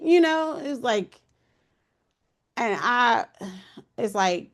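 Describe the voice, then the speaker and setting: A woman's voice: a little high, expressive, drawn-out words. A woman in her thirties hosting a podcast, telling a personal story in a candid, emotional, colloquial way. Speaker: podcast host.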